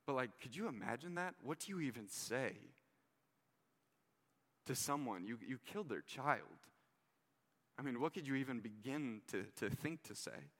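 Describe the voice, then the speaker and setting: Bright-voiced man preaching in a hall. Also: medium pitch. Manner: earnest, conversational preaching with casual asides. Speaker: pastor. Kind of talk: sermon.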